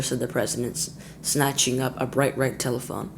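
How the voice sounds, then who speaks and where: Brief: a man reading a children's story aloud, lively, faint noise behind. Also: medium pitch, brisk, gravelly. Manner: lively, with small slips and restarts.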